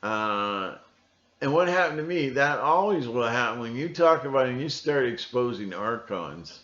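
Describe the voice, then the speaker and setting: A man's voice: animated, moderate pace, fairly bright tone. A middle-aged man rambling through a monologue, repeating himself and now and then mimicking others. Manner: meandering, repeats himself, mimics people in shrill voices. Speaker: conspiracy video host. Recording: echoey room, dull lo-fi sound.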